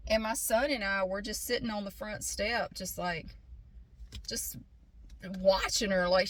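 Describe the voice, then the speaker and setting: A woman's voice: medium pitch, fairly bright tone. A middle-aged woman chatting casually and rambling through a story, recorded in her parked car. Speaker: vlogger. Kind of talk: casual chat vlog.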